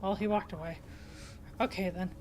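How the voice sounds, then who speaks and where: A woman's voice: mid-range voice, steady tone, moderate pace, a little mellow. A woman streaming a game, muttering to herself and reading her dialogue choices aloud. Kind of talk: casual live game play with spoken choices.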